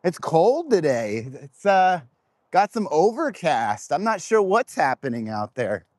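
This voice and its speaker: A vlogger walking laps outdoors chats casually to his viewers, rambling and addressing them directly through a clip-on microphone close to his face. His voice sits on the high side with big pitch swings, unhurried and a little mellow, with no room sound.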